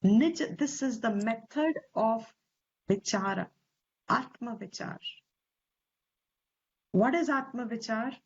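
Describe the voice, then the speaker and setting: A woman teacher with an Indian English accent, explaining scripture slowly and deliberately, stressing Sanskrit terms and posing rhetorical questions. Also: a little high, breathy edge. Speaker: Vedanta teacher. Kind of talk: slow scriptural class explanation. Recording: slightly dull lo-fi recording.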